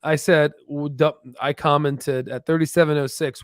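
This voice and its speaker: A man's voice: on the high side, steady tone, moderate pace, few pauses, no echo, clean studio sound. A tired man hosting a casual livestream about stocks, rambling with lots of restarts. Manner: rambling, many restarts and fillers. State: tired, yawning. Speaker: stock channel host.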